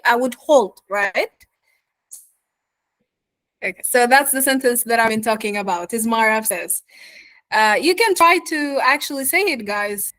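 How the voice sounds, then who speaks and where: A woman's voice: fairly high pitch, a bit bright, no room sound. A woman coaching accents in an online course lecture, explaining step by step and speaking straight to her students. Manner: explanatory, addresses students directly.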